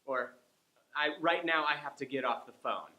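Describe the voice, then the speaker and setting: A man's voice: medium pitch, moderate pace, sharp tone, echoey room, rough recording. A man teaching an English lesson, explaining patiently and acting out sample phone lines.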